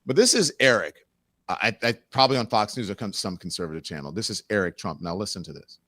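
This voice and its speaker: A man hosting a political commentary show in a casual, halting, wry manner. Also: fairly low pitch, animated, a bit bright, no room sound, studio quality. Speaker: host.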